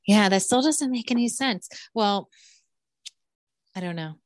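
A young woman co-hosting a podcast, talking in a relaxed, drawn-out way full of "like" and "um" as she chats about reality TV. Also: medium pitch, dry recording, studio quality. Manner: relaxed, drawn-out, lots of fillers like "like" and "um". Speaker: podcast co-host. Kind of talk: casual chat about reality TV.

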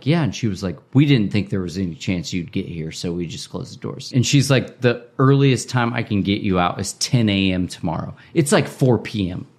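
A man co-hosting a podcast, telling a story in an animated, casual way. His voice sits somewhat low, and he keeps acting out the other people's lines. Filler words run all through his telling. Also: normal speed, hardly any pauses, slightly rough. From Indiana. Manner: animated, acts out quoted speech, many filler likes. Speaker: podcast co-host.

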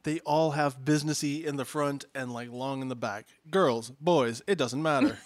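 Male podcast co-host, mid-pitched, jokey, riffing on a TV show recap, dry booth sound. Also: moderate pace, no room sound. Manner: joking, laughs at his own asides. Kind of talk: casual chat recapping a TV episode.

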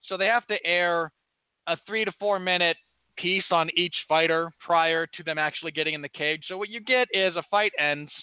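A man's voice: high voice, clean tone, no room sound. A man co-hosting a casual podcast, talking in a dry, precise, pedantic way as he corrects his co-host. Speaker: podcast co-host and MMA commentator. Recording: tinny phone-like sound, dry.

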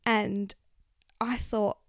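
A woman's voice: mid-range voice, little pitch movement, extremely slow, no echo, clean studio sound. A woman, telling stories in a casual, chatty way, swearing often and filling with "like", into a handheld mic. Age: 20s. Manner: chatty, swears a lot, lots of fillers. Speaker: vlogger. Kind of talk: casual storytelling. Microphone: handheld microphone.

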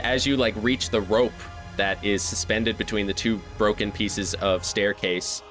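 A man's voice: lowish voice, a bit bright. A man narrating as game master of a tabletop game, setting each scene in vivid detail.

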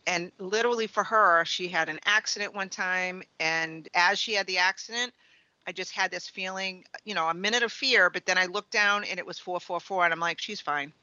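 A middle-aged woman, a trance medium, telling stories in a relaxed interview and often tagging her sentences with "right?" and "you know". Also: fairly low pitch, fairly quick, no echo, muffled recording. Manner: chatty, leans on "right?" and "you know" tags. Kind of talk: conversational interview storytelling.

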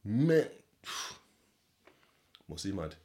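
A man's voice: fairly low pitch, very animated, drawn-out words, mellow. A young man, hosting a podcast in a rambling, slangy, swear-filled chat and laughing often. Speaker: podcast host. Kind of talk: casual solo podcast chat.

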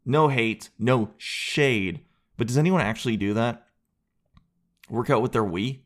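A man's voice: medium pitch, animated, normal speed. A man hosting a solo podcast, rambling through jokey riffs with crude asides and self-mocking tangents. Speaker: podcast host. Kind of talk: solo comedic podcast chat.

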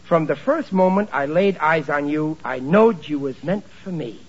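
An actor plays the sitcom's lead, a blustering, flustered working-class father with bad grammar, in a 1940s radio comedy with a muffled old broadcast sound. His voice is on the high side, slightly rough, at normal speed.

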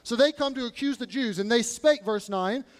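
High-voiced man preaching in a reverberant church. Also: normal speed, clean tone. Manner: animated preaching, acting out biblical characters in casual modern speech. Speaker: pastor. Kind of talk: sermon. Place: church sanctuary. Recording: long hall reverb.

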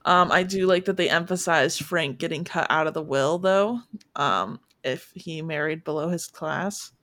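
A woman's voice: low voice, normal speed, a bit bright, dry recording, clean studio sound. A young woman chatting casually as a podcast co-host, trailing off with fillers. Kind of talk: casual chat.

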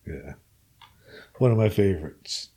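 An older man talks in a husky, mellow voice, laid-back and casual. His replies are often brief, and he speaks from a low register. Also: expressive, measured pace. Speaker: punk fan in conversation. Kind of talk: casual chat.

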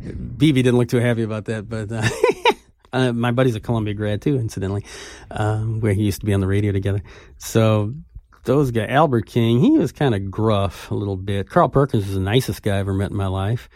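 A man's voice: fairly low pitch, fairly quick, darkish tone, no room sound, clean studio sound. A man in his sixties telling rambling music-interview anecdotes with frequent laughs. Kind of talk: relaxed storytelling interview.

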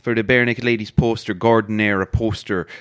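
A man's voice: on the low side, fairly even intonation, brisk, fairly bright tone, smooth, lightly acted. An actor playing a crude, boastful Irish man with an Irish accent who rambles and exaggerates. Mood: chatty. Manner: rambling, swears casually, exaggerates. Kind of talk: improvised comedy character.

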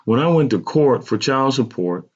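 A man's voice: mid-range voice, animated, moderate pace, a little mellow, slightly rough, lo-fi sound, voice pushed up. A man voicing a regretful mother who recounts a painful youth, speaking in a raised, strained voice. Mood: pained. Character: pained, regretful mother recalling a hard youth.

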